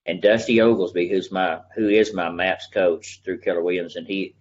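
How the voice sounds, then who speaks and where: A man's voice: sits low, flat delivery, moderate pace, dull audio, a little hiss or hum. A middle-aged man with an East Texas accent, a real estate agent telling his story in a casual interview. He talks in a folksy, earnest way and acts out the conversations he remembers.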